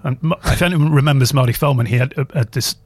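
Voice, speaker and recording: A man's voice: mid-range voice, fast talker, breathy edge. A male radio host in casual chat, wandering through a long story with plenty of asides. His voice sits in the middle of the male range. The studio sound is close and dry, with no room echo. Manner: rambling anecdotal storyteller.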